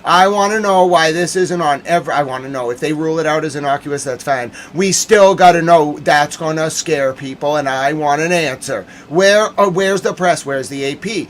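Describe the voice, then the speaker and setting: A man's voice: fairly high pitch, moderate pace, hardly any pauses. A man hosting a livestream news commentary, ranting indignantly and demanding answers.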